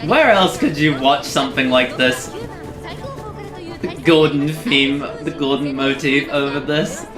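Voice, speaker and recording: An excitable streamer talks through a live game and chats warmly with viewers. The delivery is unhurried between bursts of excitement. The voice sits in a noticeably roomy, echoing space. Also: mid-range voice, over music, a crowd in the background. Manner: excitable reactions, chatty with viewers.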